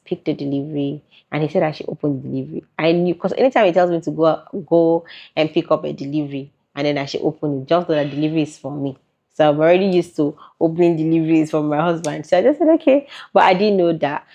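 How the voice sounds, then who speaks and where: Chatty low-voiced Nigerian woman. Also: fairly even intonation, fast, vocal fry, warm tone. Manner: chatty, laughs often. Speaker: interviewee, content creator. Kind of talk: casual interview answers. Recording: muffled lo-fi recording.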